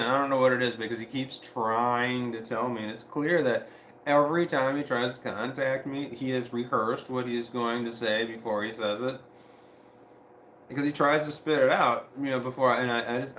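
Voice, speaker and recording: A man rambles through a story on a casual livestream, swearing freely and restarting his sentences. His voice sits at an ordinary pitch and echoes in a room with a faint hum behind it. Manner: rambling, profane, restarts often, quotes others in animated voices. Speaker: vlogger telling a story.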